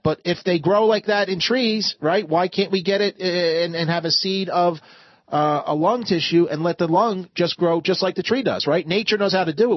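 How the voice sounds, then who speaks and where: A man hosting a call-in talk radio show, earnest and quick to cut callers off. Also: sits high, dry recording, highs cut off. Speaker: guest radio show host.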